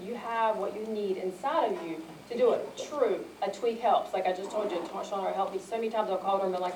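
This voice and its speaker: A woman speaking quickly and earnestly, wrapping up an event with encouraging closing words. Her voice carries from a little way off the mic and rings around an echoey hall, with a faint hiss underneath. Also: mid-range voice. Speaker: event organizer. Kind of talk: closing remarks to an audience. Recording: echoey room, mic some distance away.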